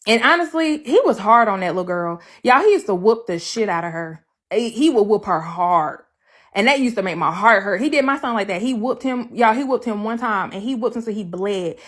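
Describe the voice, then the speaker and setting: A woman's voice: mid-range voice, lively intonation, a little fast, fairly bright tone. A woman talking casually on a livestream, blunt and profane, hammering her points home by repeating them. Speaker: livestreamer telling her side of a breakup.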